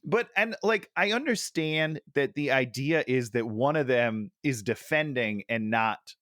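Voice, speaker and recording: A man's voice: mid-range voice, lively intonation, unhurried, fairly bright tone, no echo, studio quality. A middle-aged man co-hosting a casual movie-review chat on a headset, ranting and sighing in exasperation. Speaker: podcast co-host.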